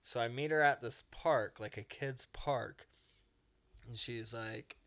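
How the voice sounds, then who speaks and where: A man in relaxed podcast chat, telling a long rambling story with quick asides. His voice is bright and forceful, and his sound is smooth and crisp. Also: mid-range voice. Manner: rambling storyteller, acting out game characters in passing. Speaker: podcast co-host. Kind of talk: casual chat.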